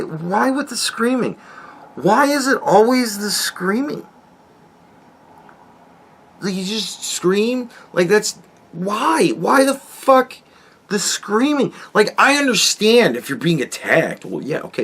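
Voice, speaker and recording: A man's voice: high voice, very animated, slow, long pauses, a bit bright, husky. A man hosting his own show, ranting alone in a casual, exasperated and sarcastic way, swearing and restarting his sentences often. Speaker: podcast host. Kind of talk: casual solo rant.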